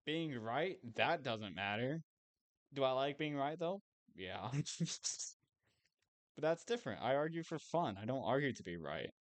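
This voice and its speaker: A man's voice: mid-range voice, lively intonation, measured pace, pauses often. A young man chatting casually while streaming a game, rambling and self-amused, swearing now and then.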